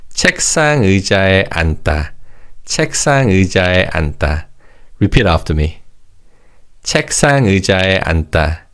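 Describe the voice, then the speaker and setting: A man teaching vocabulary in a scripted lesson, explaining slowly and repeating each target word, with upbeat praise after every drill. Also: deep voice, fairly bright tone. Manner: slow English explanations and repeated target words. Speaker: language teacher.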